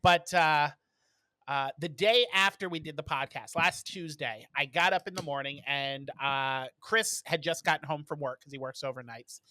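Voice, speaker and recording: A man co-hosting a podcast, telling stories in casual chat with lots of ums and quick laughs. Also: on the high side, pushed and bright, no echo. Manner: storytelling with many fillers and laughs. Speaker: podcast co-host.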